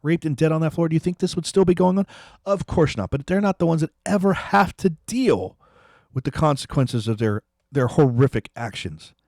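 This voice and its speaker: A man's voice: a little high, expressive, moderate pace, a little mellow, dry recording, studio quality. A man hosting a political commentary, ranting angrily and repeating himself as he dares his listeners to respond. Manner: angry, ranting, repetitive, challenging viewers.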